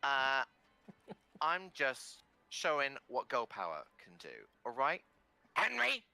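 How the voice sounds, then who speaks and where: A man's voice: medium pitch, wildly swooping pitch, slow pace, creaky, bright, forceful tone, no echo, full character voice. A man voicing a bossy, sassy woman contestant who talks pushily. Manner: pushy, sassy.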